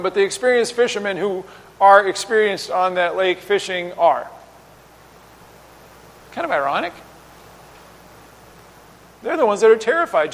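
High-voiced man preaching in a hall. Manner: animated teaching, voices rhetorical questions and acts out quotes. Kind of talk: sermon.

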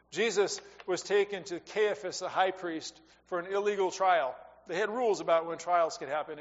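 High-voiced man preaching in an echoing hall. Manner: conversational preaching, rising for emphasis and dropping to quiet asides. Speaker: pastor. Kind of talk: sermon. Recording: dull sound with long reverb in a hall.

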